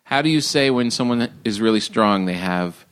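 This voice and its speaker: Joking New Jersey man, lowish voice. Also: expressive, moderate pace, a bit bright, clean tone. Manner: joking, laughs often. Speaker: podcast host. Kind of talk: casual comedic chat.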